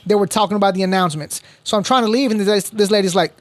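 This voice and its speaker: A man's voice: high voice, very fast, no echo. A man hosting a casual podcast, telling stories in a rambling way with frequent restarts. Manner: rambling, restarts often, animated storytelling. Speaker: podcast host.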